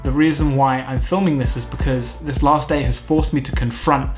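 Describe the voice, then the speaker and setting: A man's voice: mid-range voice, steady tone, moderate pace, over music. A British man in his thirties, vlogging to camera in an earnest, self-critical way, thinking aloud at home. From United Kingdom. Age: 30s. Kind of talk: candid reflective vlog talk to camera.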